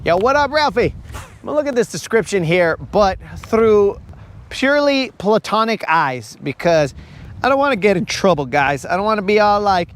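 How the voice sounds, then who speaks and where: A man's voice: high voice, very animated, moderate pace, a little hiss or hum. A man hosting a fishing live-stream outdoors on a lake, chatting playfully and teasing his viewers. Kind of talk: casual live-stream chat.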